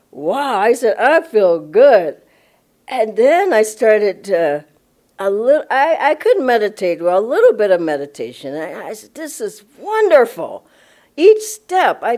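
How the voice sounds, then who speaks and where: An older woman tells a personal story at a spiritual gathering. Her pitch rises and falls with animation as she reenacts her own surprise. She talks with bubbling enthusiasm and laughs often. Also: dark tone. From Los Angeles, USA. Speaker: spiritual director giving a satsang talk.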